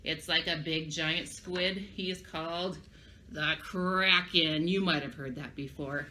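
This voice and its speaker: A woman's voice: sits low, normal speed, bright, forceful tone, a little hiss or hum. A woman leading a children's lesson in an upbeat, sing-song way, asking young listeners to repeat words after her. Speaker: children's library presenter. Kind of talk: children's craft and vocabulary lesson.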